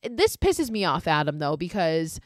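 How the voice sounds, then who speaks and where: Podcast host, woman, lowish voice, dry close sound, swears a lot, says like constantly. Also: very animated, normal speed, dry recording. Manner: profane, exasperated asides; fillers of "like" throughout. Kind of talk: casual film recap.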